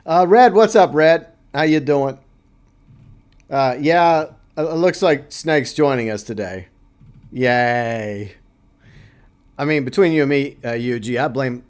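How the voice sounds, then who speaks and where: A man hosting a casual livestream, chatting loosely and reading out viewer comments. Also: mid-range voice. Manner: chatty, reads chat aloud, playful asides. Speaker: livestream host.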